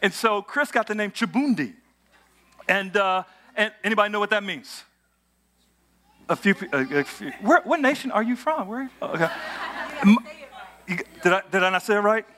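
High bright voiced guy preaching in church, chatty stories, asks the crowd stuff, gets fired up. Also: lively intonation, fairly quick, long pauses. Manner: storytelling with audience call-and-response, rising to shouts of praise. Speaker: pastor. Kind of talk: sermon. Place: church auditorium with congregation.

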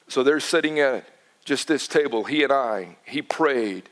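A male pastor preaching a sermon, telling a story with animated delivery, often stumbling over repeated words and dropping soft for emphasis. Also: mid-range voice, a little slow.

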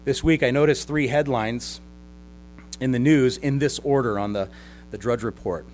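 A man's voice: mid-range voice, moderate pace, darkish tone, slight background noise. A man who is a pastor preaching a sermon to his congregation, talking in a conversational way with chuckles and sarcastic asides. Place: church service with a live congregation.

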